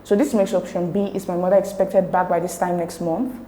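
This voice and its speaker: A woman tutor talking through exam answers step by step, slow and careful as she spells out sounds and options. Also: lowish voice, little pitch movement, mellow, reverberant, slight background noise, low-quality recording. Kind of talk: recorded exam lesson explaining answers.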